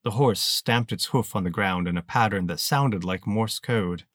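A man with a low voice narrates an audiobook in a steady, measured way. He is recorded close on the mic, and the sound is dry and free of any room echo.

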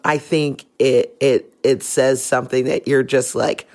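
Mid-pitched podcast host, eager questions. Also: steady tone, a little slow, a little mellow. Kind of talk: casual podcast chat.

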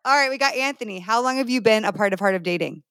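A woman's voice: medium pitch, expressive, quick pace, a bit bright, clean tone, no echo, clean studio sound. A woman hosting a group podcast chat, bubbly and enthusiastic, cheering her guests on. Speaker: podcast host.

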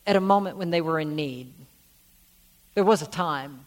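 A man's voice: a little high, moderate pace. A middle-aged male pastor preaching a sermon, telling stories earnestly and repeating phrases for emphasis. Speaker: senior pastor.

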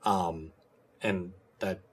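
A man's voice: sits low, steady tone, extremely slow, a little hiss or hum. A man co-hosting a podcast in casual chat, rambling with fillers and restarts. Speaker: podcast co-host.

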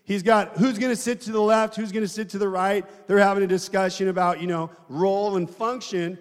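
High-voiced preacher in an echoey hall. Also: male voice, steady tone, a little fast, clean tone. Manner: conversational, asks the congregation questions. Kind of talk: sermon.

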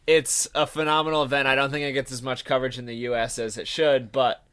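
Bright-voiced podcast co-host man. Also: medium pitch, little pitch movement, quick pace, clean tone. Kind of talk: casual chat.

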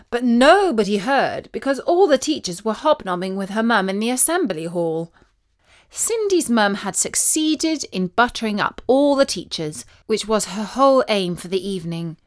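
A woman narrating a children's story in a gentle, expressive storytelling voice. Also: a little high.

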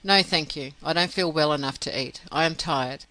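A man's voice: a little high, normal speed, bright, forceful tone, no room sound, rough recording. A man reading the part of a sick, weary middle-aged lady in an audiobook, speaking faintly and tiredly.

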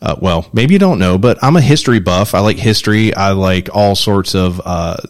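A man's voice: sits low, expressive, moderate pace. A man hosting a local show, reading out events and chatting in a loose, talkative way. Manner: chatty, loose, with fillers and asides. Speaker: host. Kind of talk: casual interview and local announcements.

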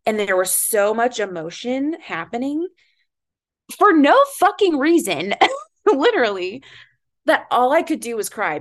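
A young woman co-hosting a podcast, telling a story in casual chat, animated, swearing freely and laughing at herself. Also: medium pitch, gravelly. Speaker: podcast co-host.

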